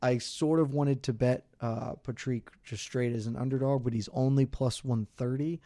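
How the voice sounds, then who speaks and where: Mellow-voiced man on a betting podcast. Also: mid-range voice, fairly even intonation, normal speed, no echo. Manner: loose, rambling, self-deprecating. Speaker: podcast co-host. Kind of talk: casual betting podcast chat.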